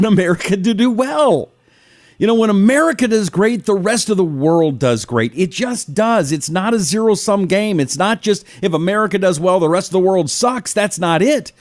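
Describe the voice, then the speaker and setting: A man's voice: high voice, dry recording, clean studio sound. A man hosting a live talk show, chatty and sarcastic, reading out listener names between opinions. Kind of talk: casual live call-in talk.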